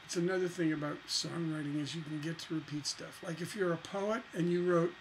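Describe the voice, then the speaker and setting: A man's voice: fairly high pitch, fairly even intonation, a little fast, hardly any pauses, slight background noise, low-quality recording. A man teaching songwriting in a casual lesson, joking as he goes and breaking into sung lines. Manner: breaks into singing lines over guitar, joking asides. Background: his own guitar playing.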